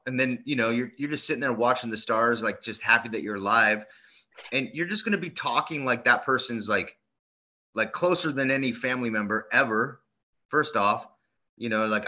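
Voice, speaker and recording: A man co-hosting a podcast in casual chat, telling stories in a rambling, animated way full of fillers and restarts. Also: medium pitch, moderate pace. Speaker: podcast co-host. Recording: dull lo-fi sound.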